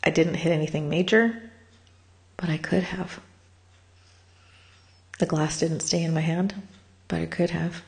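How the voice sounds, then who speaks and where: A woman's voice: low-pitched, fairly even intonation, a little slow, gravelly, pauses often, darkish tone. A middle-aged woman telling a personal story in a raw confessional monologue, candid and swearing freely, worn out from crying, at times dropping to a whisper. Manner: candid, swears freely, laughs through pain. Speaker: vlogger sharing a personal story.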